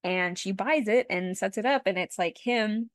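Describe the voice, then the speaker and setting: A woman's voice: mid-range voice, normal speed, no room sound, studio quality. A young woman co-hosting a podcast, retelling a story in casual chat, full of "like" fillers and the odd swear word. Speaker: podcast co-host.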